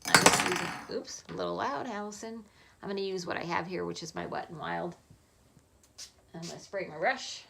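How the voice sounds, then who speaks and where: A woman talking through a makeup tutorial in a soft, chatty voice, often dropping to a half-whisper. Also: medium pitch, vocal fry. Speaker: makeup vlogger.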